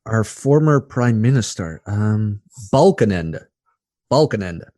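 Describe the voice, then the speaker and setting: A young man from the Netherlands with a Dutch accent in English, a guest chatting and ranting in an animated, casual way. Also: on the low side, slow pace, no echo, studio quality. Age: young adult. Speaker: podcast guest. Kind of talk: casual chat.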